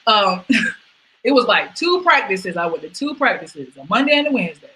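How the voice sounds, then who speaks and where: A young woman with a lilt performs her comedy set from home over a stream. Her voice is bright and forward. She leaps into high squeals, then drops to quiet mutters, with a faint hum of room noise behind her. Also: sing-song, moderate pace, low-quality recording. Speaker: stand-up comedian.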